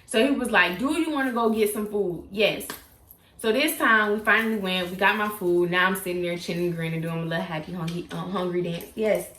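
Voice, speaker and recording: A bright, animated young woman, telling a story straight to camera. She acts out every quote with big jumps in pitch. Her voice rings off the walls of an echoey room. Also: fairly quick, slight background noise. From South Florida. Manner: animated, dramatic retelling with acted-out quotes and sudden pitch jumps. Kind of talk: casual storytime vlog.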